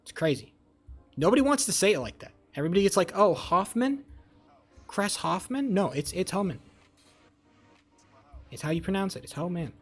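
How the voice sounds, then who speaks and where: His voice sits high and is expressive and slightly rough, moving a little fast but with long pauses, over soft background music. The young man casually addresses his stream's chat, rambling, swearing, and joking as he reads it.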